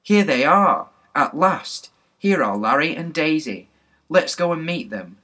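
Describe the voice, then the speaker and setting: A man reading a storybook, voicing an excitable nine-year-old girl in a raised, eager tone. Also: mid-range voice, moderate pace.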